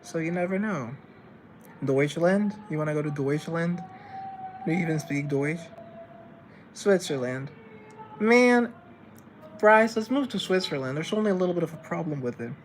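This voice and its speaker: A man's voice: a little high, normal speed, long pauses, a little mellow, a little hiss or hum. A man from Colombia chatting casually on a live stream, answering viewers' comments in a chatty, theatrical way.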